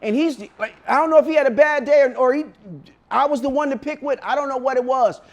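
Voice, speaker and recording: A man telling a true story in casual slang, animated and profane, bursting into shouts at the peaks. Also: very high voice, fast talker, muffled recording.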